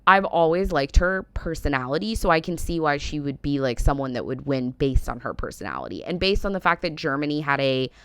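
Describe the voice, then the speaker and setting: A woman's voice: low voice, lively intonation, a little fast, few pauses, clean tone, no room sound. An American woman in her thirties rambling through a casual, opinionated reaction vlog, full of "like" and "um". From United States. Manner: rambling, heavy use of "like" and "um". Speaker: reaction vlogger.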